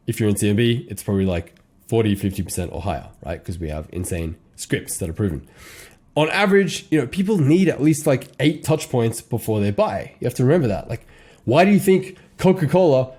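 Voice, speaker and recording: A young man coaching on copywriting in a casual, animated way, with slang and short laughs between points. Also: medium pitch. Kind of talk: casual teaching monologue.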